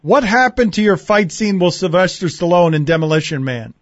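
A male radio host interviewing a guest with brisk, pointed questions. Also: high voice, expressive, muffled recording, slight background noise.

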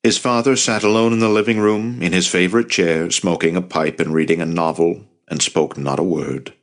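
A man reading an audiobook in scripted narration, measured and grave. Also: low voice, fairly even intonation.

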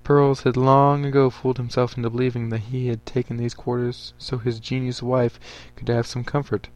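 A man narrating a story aloud for a podcast. His voice sits at an ordinary middle pitch, and his reading stays steady and even. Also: moderate pace.

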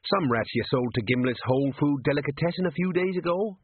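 Storybook part: an uneasy, placating male watch sergeant, lifted pitch, husky, lo-fi, read by a man. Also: lively intonation, a little fast, no echo. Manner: placating, hesitant. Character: nervous middle-aged male city watch sergeant. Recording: tinny lo-fi narrow-band audio.

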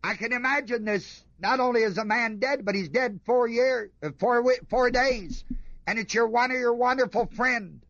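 Guy preaching a sermon, asks the crowd lots of questions, goes quiet then fired up, kinda muffled dry lo-fi sound. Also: extremely high pitch, moderate pace, dry recording. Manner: emphatic, rhetorical questions to the congregation, swings between hushed and fervent. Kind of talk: sermon, reading and commenting on scripture.

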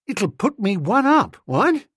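A man voicing an excitable young upper-class gentleman who talks in an eager, exclamatory way. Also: high voice, takes it slowly, breathy edge, no echo, studio quality, pitched above the performer's own voice, exaggerated voice. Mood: excited.

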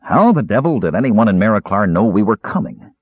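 A man doing a patient big warrior, plain-spoken, husky, a little raised, tinny lo-fi audio. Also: lowish voice, sing-song, brisk, dry recording. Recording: tinny lo-fi narrow band.

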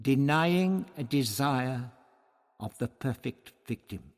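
A man reading a novel aloud in a measured, even manner. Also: on the low side, slightly rough, studio quality. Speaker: audiobook narrator. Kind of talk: scripted narration. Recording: long reverberant room.

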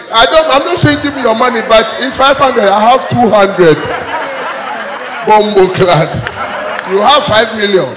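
A man doing live stand-up comedy on stage, loud and playful as he tells stories. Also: very high-pitched. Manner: loud, animated, playful storytelling. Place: stage in a hall with audience. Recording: echoey hall with loud crowd noise.

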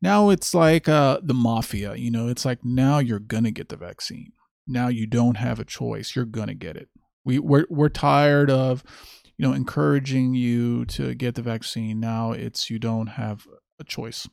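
A man's voice: medium pitch, steady tone, unhurried, creaky, darkish tone, no room sound, studio quality. A man hosting a podcast monologue, talking in a sardonic, mocking way. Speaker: podcast host. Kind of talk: monologue commentary.

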